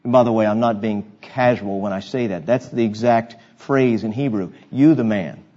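A man with a husky, slightly breathy voice preaches a sermon, moving between scripture reading and conversational asides. He keeps asking his congregation rhetorical questions. The recording sounds dull and lo-fi. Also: on the low side, moderate pace, warm tone. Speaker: pastor. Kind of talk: expository sermon.

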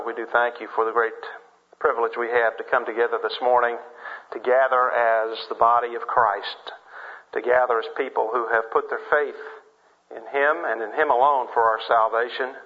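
A male pastor reads scripture and then leads his congregation in prayer. He speaks slowly and deliberately at a middle pitch. The recording sounds a little dull and muffled. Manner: slow, measured delivery. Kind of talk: sermon with scripture reading and prayer.

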